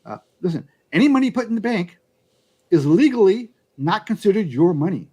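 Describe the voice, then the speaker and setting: A man's voice: high voice, sing-song, a little fast, mellow, breathy edge. A man talking in a casual podcast chat, often restarting his sentences with fillers before making emphatic points. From United States. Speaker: YouTube channel host.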